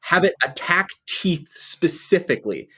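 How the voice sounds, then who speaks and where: A man co-hosting a casual movie podcast, animated and laughing often as he acts out scenes. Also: high-pitched, unhurried, slightly rough. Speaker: podcast co-host.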